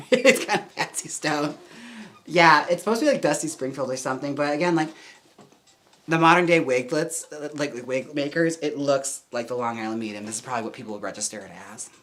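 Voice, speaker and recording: A man streaming live as a drag performer and wig stylist, trying on wigs and chatting in a campy way with quick laughing asides. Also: on the high side, fairly bright tone. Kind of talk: casual live-stream chat.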